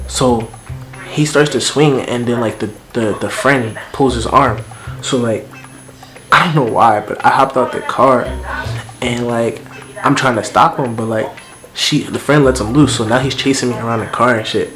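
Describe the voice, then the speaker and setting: A man's voice: mid-range voice, moderate pace, a bit bright. A young man casually telling a personal story at home for a vlog, slangy and profane. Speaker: vlogger. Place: at home indoors. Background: music playing.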